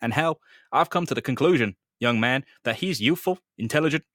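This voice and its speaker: A man's voice: mid-range voice, lively intonation, brisk, fairly bright tone, dry recording, clean studio sound, lightly acted. A man voicing a folksy, leering older police captain who keeps calling people son. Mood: coaxing.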